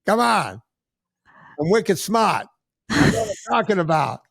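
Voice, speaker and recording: A man voicing a pushy, loud-mouthed guy with a Boston accent. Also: high-pitched, sing-song, a little slow, creaky, no room sound, pitched above the performer's own voice, exaggerated voice. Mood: mock pushy. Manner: brash, repeating himself.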